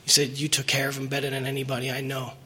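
A man's voice: mid-range voice, completely flat delivery, racing, bright, forceful tone, slightly rough. Earnest man sharing his recovery story. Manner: earnest, rambling, emotional retelling with restarts. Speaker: recovery meeting speaker. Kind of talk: personal recovery story at a meeting.

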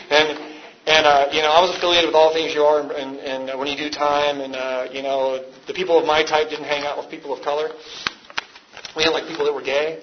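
A man shares his recovery story with a meeting crowd in a loose, rambling way, poking fun at himself and laughing often. The recording is muffled and lo-fi, with steady noise underneath. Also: on the high side, brisk. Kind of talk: personal story told to a live meeting. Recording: dull lo-fi with background noise.

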